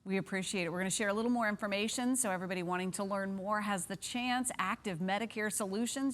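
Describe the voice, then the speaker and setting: A woman co-hosting a live local morning talk show, with a bright, animated presenter delivery. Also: medium pitch, slight background noise. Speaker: co-host.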